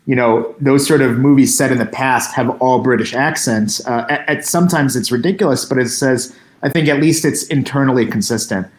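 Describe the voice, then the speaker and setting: A man co-hosting a casual film-discussion podcast, talking in a thoughtful, measured way as he weighs his points. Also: mid-range voice. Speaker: podcast co-host. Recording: roomy echo.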